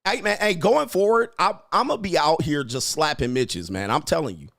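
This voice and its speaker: A male show host rants through casual livestream commentary, brash and profane. His voice sits a little high for a man and leaps up and down with lively inflection. He keeps a combative, defiant edge and laughs often between lines. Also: moderate pace, gravelly, a little hiss or hum. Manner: frequent laughter.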